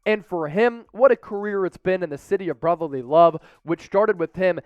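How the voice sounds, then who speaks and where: Brief: opinionated man hosting a football talk show, quick with numbers, bright high register. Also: smooth, dry recording, lo-fi sound. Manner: upbeat, opinionated, rattles off stats. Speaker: sports show host. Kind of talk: energetic sports commentary.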